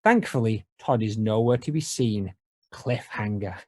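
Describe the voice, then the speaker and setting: A man co-hosting a podcast, wry and playful, reading out scene descriptions in a deadpan way. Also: mid-range voice, normal speed, no echo. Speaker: podcast co-host.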